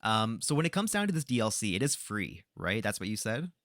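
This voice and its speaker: A man hosting a podcast, asking questions in a relaxed, agreeable way. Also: lowish voice, brisk, no echo, clean studio sound. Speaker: podcast host. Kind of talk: casual podcast chat.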